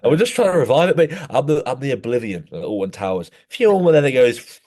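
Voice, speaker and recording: A man's voice: mid-range voice, big pitch swings, quick pace, hardly any pauses, darkish tone. A young man co-hosting a podcast, telling rambling laddish stories in casual chat and calling his friend "mate" constantly. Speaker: podcast co-host.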